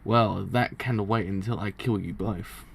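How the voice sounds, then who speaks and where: Brief: man doing a hot-headed hitman, gravelly, ranting, read from a comic. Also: lowish voice, fairly even intonation, a little slow, a little hiss or hum. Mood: menacing. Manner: ranting, swearing, breaking into laughs. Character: furious male ice-wielding hitman, hot-tempered. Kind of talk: reading comic dialogue aloud.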